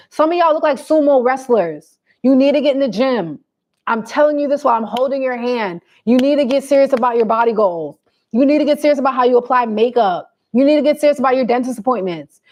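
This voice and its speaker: A woman talks straight to her viewers in a casual, sassy style, handing out blunt and preachy advice. Her voice sits on the higher side. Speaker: vlogger giving advice. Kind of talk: casual livestream chat to viewers.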